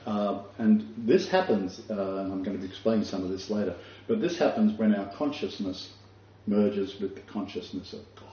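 A man giving a spiritual lecture as a rabbi to a small live group, halting, with frequent fillers and restarts. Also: on the low side, warm tone. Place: room with a small audience. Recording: distant, roomy, dull room recording.

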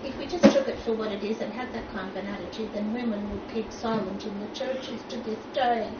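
A woman's voice: mid-range voice, fairly even intonation, a little fast. A woman in a class making brief, wry remarks during a lecture. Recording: echoey room from far off, dull, noise.

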